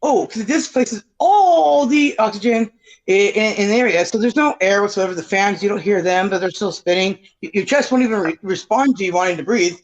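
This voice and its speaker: A man's voice: high voice, a little fast. A man telling a rambling, self-mocking story on a casual livestream panel, full of fillers and "right?" tags. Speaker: panel guest. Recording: dull lo-fi stream audio.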